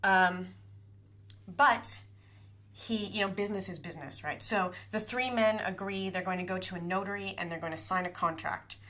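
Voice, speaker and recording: A young woman casually retelling a play's plot in a chatty way, full of fillers and quick paraphrased quotes. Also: mid-range voice, fairly bright tone. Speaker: storyteller.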